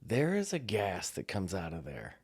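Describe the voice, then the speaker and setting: Deep-voiced man telling a lively story. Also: normal speed, husky, no room sound, clean studio sound. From United States. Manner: animated storyteller, acts out quotes. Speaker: podcast co-host. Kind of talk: casual storytelling chat.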